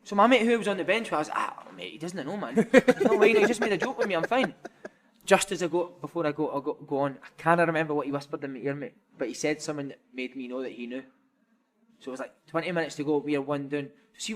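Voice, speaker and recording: A man's voice: on the high side, rapid-fire. A man in his thirties, a former footballer, telling a rambling anecdote in casual chat, sweary and laughing, calling the listener "mate" often. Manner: animated, laughing, sweary, says "mate" a lot. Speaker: podcast guest, former footballer.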